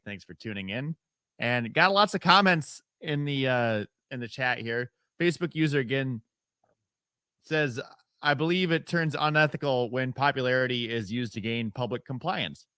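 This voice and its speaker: Bright, dry-voiced opinionated radio host. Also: male voice, medium pitch, clear, resonant tone, dry recording. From upstate New York. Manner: opinionated, rambling, with fillers and sarcastic asides; mocks others by putting on their voices. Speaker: radio talk show host. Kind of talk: casual call-in talk radio.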